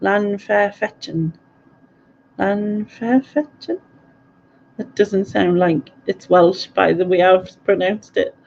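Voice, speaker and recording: On a live stream, a middle-aged woman casually responds to viewer comments, frequently giggling and fumbling place names. She speaks at a measured pace with hardly any pauses, in a lowish, level, creaky voice with a darkish tone; the dull lo-fi recording carries a little hiss or hum.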